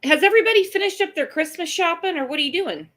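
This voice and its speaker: A woman's voice: very high voice, animated, quick pace, fairly bright tone. A woman hosting a casual true crime livestream, blunt and profane, greeting chat viewers by name.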